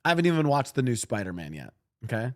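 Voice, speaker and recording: A man's voice: medium pitch, very animated, fast talker, no room sound, studio quality. A man streaming and reacting to clips, rambling animatedly and talking to his chat.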